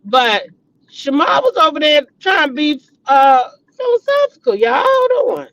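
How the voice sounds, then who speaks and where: A woman's voice: high-pitched, sing-song, unhurried, creaky, a bit bright, dull audio. Chatty swearing woman host. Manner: chatty, swearing, addresses viewers as y'all. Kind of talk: casual commentary.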